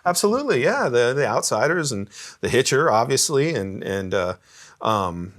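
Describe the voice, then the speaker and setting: A man's voice: mid-range voice, sing-song, normal speed, a crowd in the background. A man telling stories in a casual interview, easygoing, laughing often and repeating words as he starts sentences. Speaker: guest musician.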